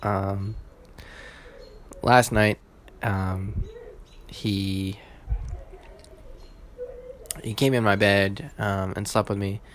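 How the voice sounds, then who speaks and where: A man hosting his own podcast, casual and halting, with many fillers and restarts, emotional and holding back tears. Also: on the low side, steady tone, slight background noise. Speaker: podcast host.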